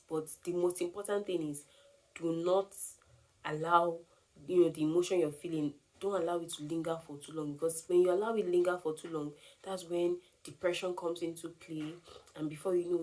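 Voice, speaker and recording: Earnest woman. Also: fairly low pitch. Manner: earnest, animated, emphatic. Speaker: vlogger sharing grief advice. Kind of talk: casual talk to camera.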